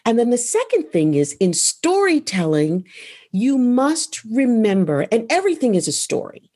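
Husky, lively woman coaching. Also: medium pitch. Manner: emphatic, instructive, lands her phrases firmly. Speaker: voice coach and author. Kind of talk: podcast interview answers.

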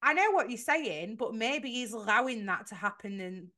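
A woman's voice: fairly high pitch, expressive, moderate pace, sharp tone. A woman co-hosting a podcast, chatting casually and giving firm opinions. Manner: opinionated, emphatic. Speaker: podcast co-host. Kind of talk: casual chat.

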